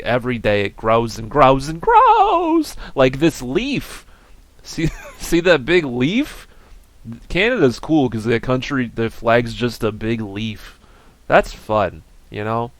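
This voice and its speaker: A man's voice: medium pitch, dry recording, close to an everyday voice. A man voicing a silly, chatty male mascot character, rambling playfully in an improvised comedy bit. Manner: playful, rambling, bits of mock hype.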